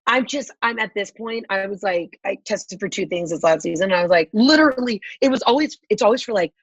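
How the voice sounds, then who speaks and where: A woman in her thirties from the American South, a podcast guest telling profane, animated stories in casual chat. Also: medium pitch, brisk, husky, dry recording, muffled recording. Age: 30s.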